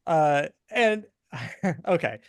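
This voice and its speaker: A man's voice: a little high, very animated, very slow, dry recording, studio quality. A man hosting a car podcast in casual chat, amused and loose, laughing often as he rambles.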